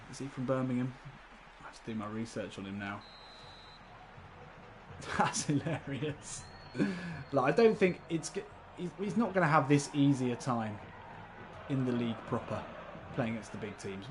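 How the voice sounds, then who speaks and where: A man's voice: mid-range voice, noisy background. A man commenting live on a football video game, chatty and laughing often, swearing casually and talking to his viewers. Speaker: gaming livestreamer.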